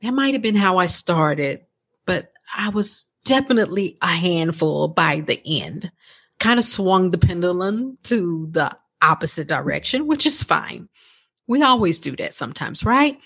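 A woman in her thirties hosts a coaching podcast in a relaxed, unhurried way. Her voice is a little low and husky, and it swings widely up and down as she chats with her listeners, encouraging them and often saying "like" and "right?". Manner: chatty and encouraging, with lots of "like" and "right?". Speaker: podcast host and life coach. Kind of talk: casual podcast talk.

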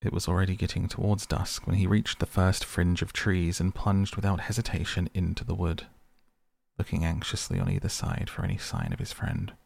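Male storybook narrator, very low and gravelly, husky, dry close sound. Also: lively intonation, normal speed, darkish tone, no echo. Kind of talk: storybook reading.

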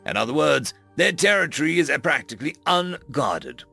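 A man playing a barking, gruff human leader. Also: fairly high pitch, big pitch swings, moderate pace, sharp tone, faint music behind, pitched above the performer's own voice, full character voice. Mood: stern. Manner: barking, commanding. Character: gruff male human leader, middle-aged, hot-tempered.

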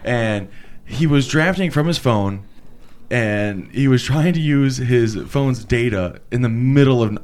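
A man's voice: mid-range voice, unhurried, a little mellow. A young adult man in casual podcast chat, joking and swearing as he tells stories.

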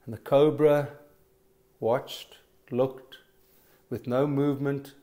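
A man's voice: mid-range voice, steady tone, slow, pauses often, warm tone. A middle-aged man preaching a sermon, telling stories with emphatic stammered restarts. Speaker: pastor.

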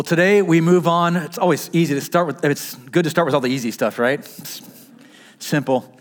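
A man in a pastor's role preaching a sermon in a conversational way, asking the congregation questions and answering them himself, with his voice muffled by a mask. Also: fairly high pitch. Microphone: wearing a mask.

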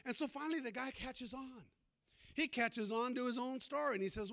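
A male pastor preaching a sermon with a very high, bright, forceful voice. He tells a story and breaks off to call out for amens and praise from the congregation. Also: brisk, creaky.

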